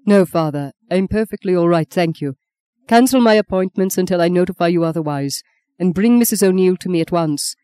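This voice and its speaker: A woman voicing a seventy-one-year-old male cardinal, formal and measured, whose speech breaks with grief. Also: fairly low pitch, mellow, clear, resonant tone, natural voice. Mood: formal, composed.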